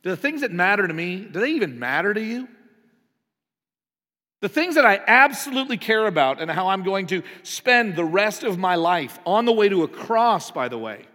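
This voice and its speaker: A man's voice: sits high, big pitch swings, normal speed, pushed and bright. A man preaching a sermon as pastor, conversational, full of rhetorical questions and acted-out voices. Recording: long hall reverb.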